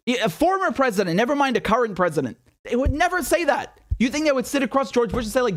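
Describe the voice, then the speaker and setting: A man runs a livestreamed political commentary show, ranting with animated exasperation and tossing in sarcastic asides. His voice is very high, and he talks fast with hardly any pauses.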